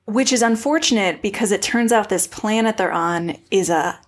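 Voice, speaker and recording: A woman with a mid-range voice chats through an episode recap on a podcast. She is playful and jokey, tossing in quick quips as she goes. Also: mid-range voice. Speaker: podcast co-host. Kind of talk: casual recap chat.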